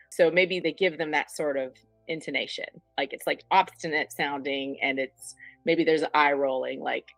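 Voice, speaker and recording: A woman's voice: low-pitched, steady tone, normal speed, vocal fry, hardly any pauses, fairly bright tone, no room sound, soft background music, poor audio. A woman therapist on a panel, explaining ideas with vivid acted-out examples. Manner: explanatory, illustrative, acts out examples. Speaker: couples therapist. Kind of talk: panel discussion.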